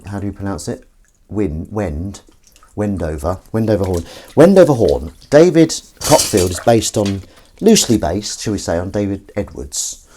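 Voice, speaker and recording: A streamer does the washing up in his kitchen, chatting casually, rambling and reading viewer comments aloud against clattering dishes and cutlery. His voice is fairly low and a little mellow, with slight background noise.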